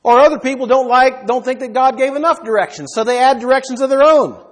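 A man's voice: very high voice, quick pace. A man preaching an expository sermon, emphatic and fond of rhetorical questions. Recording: long hall reverb.

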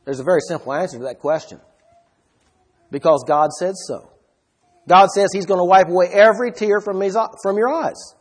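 A man's voice: high-pitched, normal speed, slightly rough. A man preaching a sermon with emphasis, often putting questions to his listeners.

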